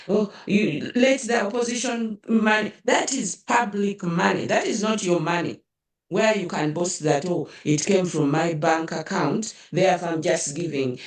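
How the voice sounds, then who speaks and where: A woman's voice: on the low side, a little mellow, roomy sound, distant mic. A woman with a Ugandan accent giving impassioned political commentary, indignant and rhetorical, often adding "eh?" and "hmm?".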